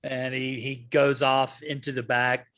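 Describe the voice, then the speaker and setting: A man running a tabletop game as game master, telling the scene in a relaxed, wry way. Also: mid-range voice, a little slow, no room sound.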